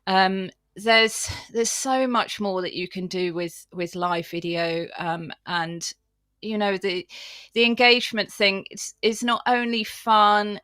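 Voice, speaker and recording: A woman's voice: mid-range voice, fairly even intonation, takes it slowly, bright, forceful tone, no room sound, clean studio sound. A woman from England, a guest speaking earnestly and enthusiastically in a casual live-stream chat.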